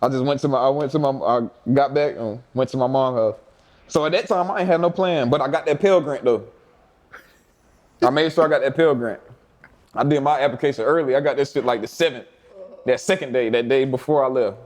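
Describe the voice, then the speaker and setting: A young man from Alabama, telling animated, profane stories with laughter in a casual interview. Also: medium pitch, brisk. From Mobile, Alabama. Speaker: interview guest.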